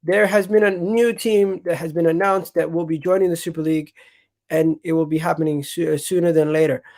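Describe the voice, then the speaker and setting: A man hosting a live football stream, talking to his chat in an animated, emphatic way and often repeating himself. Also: fairly high pitch, a little fast. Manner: chatty, addresses chat directly. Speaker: football channel host.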